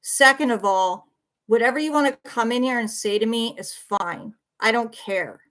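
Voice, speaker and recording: A woman's voice: fairly high pitch, normal speed, fairly bright tone. A worn-out woman ranting defensively on a livestream, blunt and swearing, repeating herself as she answers viewers. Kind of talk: heated livestream rant.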